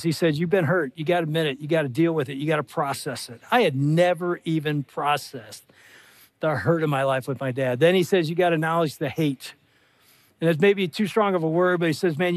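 Older male pastor, conversational sermon, earnest, slightly higher voice, dry close sound. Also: no echo. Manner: earnest, conversational preaching that swings between hushed and rising emphasis.

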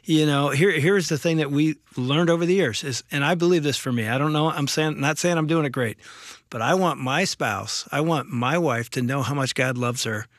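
Earnest, lively man co-hosting a talk show. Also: fairly high pitch, normal speed, dry recording, studio quality. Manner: earnest, animated, preacherly. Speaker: radio show co-host. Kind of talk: casual conversation.

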